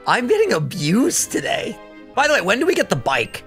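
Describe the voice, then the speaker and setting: A young man giving casual gameplay commentary as a co-host, excitable and teasing, laughing often. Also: sits high, normal speed, soft background music. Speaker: co-host of a gaming series.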